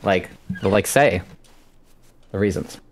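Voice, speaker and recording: A man's voice: low-pitched, slow, a little hiss or hum. A man in his late twenties calling in for relationship advice, rambling and stammering, with plenty of swearing. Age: 20s. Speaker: caller. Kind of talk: call-in on a stream.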